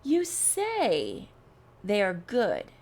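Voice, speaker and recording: A gruff, growling male bear from a storybook, snorting and scornful as he brags, as a woman puts him on. The delivery is slow and drawn out, swinging between high and low. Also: huge pitch swings, full character voice. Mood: sneering. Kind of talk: read-aloud storybook.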